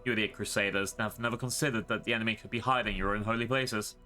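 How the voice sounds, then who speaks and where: A scheming female cult priestess, all gloating and taunting menace, read out by a man without much change to his voice. She sneers at her foes in a bright, forward tone. The villain of a fantasy game, voiced by a streamer reading along. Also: fairly low pitch, fairly even intonation, fast talker, soft background music. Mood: threatening. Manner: mocking, taunting.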